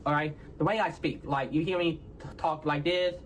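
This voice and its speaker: A man from Houston with a Texan accent, speaking in halting, hard-to-follow phrases and ending nearly every phrase with "all right, y'all?". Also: fairly high pitch, steady tone, slight background noise. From Houston, Texas. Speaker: content creator in a played clip. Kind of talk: casual self-explaining talk to viewers.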